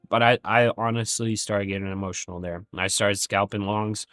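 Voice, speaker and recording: A man's voice: lowish voice, level tone, normal speed, fairly bright tone, dry recording, clean studio sound, faint music behind. A man streaming his day trading live, thinking aloud through figures with candid self-criticism.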